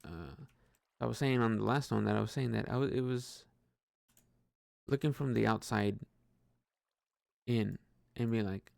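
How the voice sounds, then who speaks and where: A man's voice: on the low side, measured pace, vocal fry, long pauses, a little mellow, no room sound, clean studio sound. A young man rambling hesitantly about his life while gaming, full of fillers and restarts, swearing casually. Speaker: podcaster.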